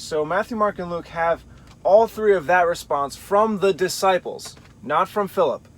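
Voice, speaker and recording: Guy with a slightly high voice walking thru a bible study, thinking out loud. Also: measured pace. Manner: thinking aloud, weighing options carefully. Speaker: Bible teacher. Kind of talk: explanatory Bible study talk.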